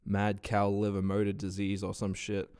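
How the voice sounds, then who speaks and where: Young Australian man, casual vlogger, stuffed-up nose, slightly low voice, loose and profane delivery. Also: moderate pace, clear, resonant tone. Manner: swears a lot, rambling and animated. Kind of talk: casual storytelling vlog.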